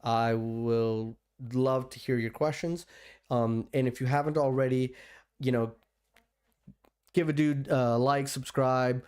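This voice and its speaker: A man hosts his own livestream in a loose, rambling way, restarting sentences and filling gaps. His voice sits at an ordinary pitch and sounds smooth and clear. He speaks into a computer streaming setup. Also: steady tone, slow, darkish tone. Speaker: livestream host. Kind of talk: casual livestream commentary.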